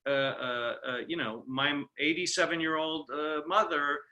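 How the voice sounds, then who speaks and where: A man's voice: on the high side, fairly even intonation, a little slow, sharp tone, highs cut off. A middle-aged man from California hosting a casual conversation, chatty and full of fillers. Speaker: host.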